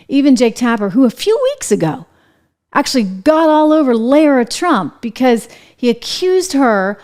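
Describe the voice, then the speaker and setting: Brief: woman host, opinionated commentary, sarcastic and indignant, slightly high voice. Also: a little mellow. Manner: sarcastic, indignant, rhetorical questions.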